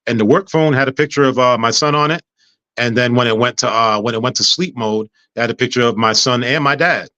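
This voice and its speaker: Bright-voiced man telling a story with humor. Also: medium pitch, a little fast, no echo. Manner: humorous, animated storyteller, acts out dialogue. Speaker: guest. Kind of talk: casual storytelling interview. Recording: dull lo-fi sound.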